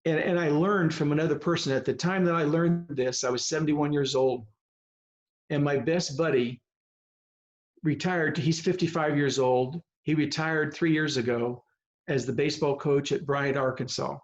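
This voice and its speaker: Through muffled video call audio, a man of seventy or more, a longtime baseball coach, shares personal stories in a fairly high voice with fairly even intonation at a moderate pace. He's earnest and tends to ramble as he speaks from the heart.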